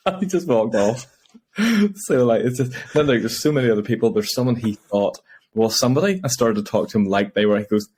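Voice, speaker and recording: Low-voiced rambling man. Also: a little fast, darkish tone. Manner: rambling, laughs often, acts out quotes. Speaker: podcast co-host. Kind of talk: casual chat about motor racing.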